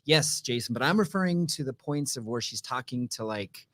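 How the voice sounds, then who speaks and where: A man co-hosting a casual chat show, animated and playfully critical. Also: medium pitch, normal speed. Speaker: podcast co-host.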